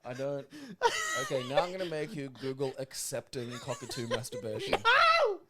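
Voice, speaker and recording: A man's voice: mid-range voice, huge pitch swings, moderate pace, very noisy. A young Australian man hosting a podcast, reading listener letters aloud and breaking off into sweary joking asides. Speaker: podcast host.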